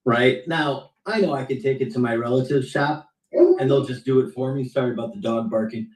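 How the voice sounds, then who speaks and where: A man's voice: medium pitch, a little fast, darkish tone. Male guest, blunt and candid storyteller, video call audio with room echo. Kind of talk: casual chat on a video call. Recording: roomy sound, distant from the mic.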